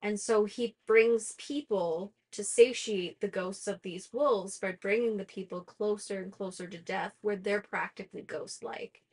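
A young woman in casual conversation, summarizing a book plot at an easy, average pitch. She leans on "like" and "you know," and laughs at her own slips. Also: steady tone, a little slow, few pauses, darkish tone, breathy edge. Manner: chatty, lots of "like" fillers, laughs at herself. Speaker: book discussion host.

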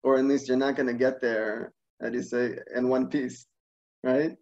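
Man, online class, storytelling, animated, searching for words, dull video call audio. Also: mid-range voice, normal speed. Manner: animated, laughs at his own stories, searches for words. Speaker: teacher.

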